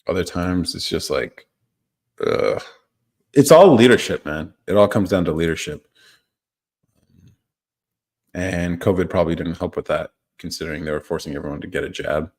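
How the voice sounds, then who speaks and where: A man's voice: low-pitched, normal speed, long pauses. A man hosting a live stream, chatting casually with viewers, reading their comments and chuckling often. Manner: laid-back, chuckles often, trails off. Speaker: livestream host.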